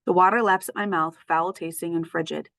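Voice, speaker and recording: A woman narrating a storybook in a lively, expressive way. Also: fairly low pitch, brisk, gravelly, no room sound, poor audio. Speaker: audiobook reader.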